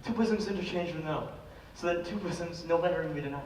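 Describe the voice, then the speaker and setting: An ardent young lover, acted by a man, declaims his lines in a somewhat high voice. He is heard from far across an echoing school auditorium. Faint room noise runs underneath. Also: fast, close to an everyday voice. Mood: coaxing. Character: ardent young male lover, smooth-talking. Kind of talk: live stage play. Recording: echoey hall from far off.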